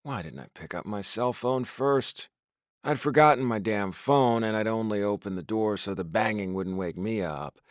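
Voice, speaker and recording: A man's voice: fairly low pitch, dry recording, studio quality. A man narrating a novel in the first person, with a wry, exasperated storytelling manner. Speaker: audiobook narrator.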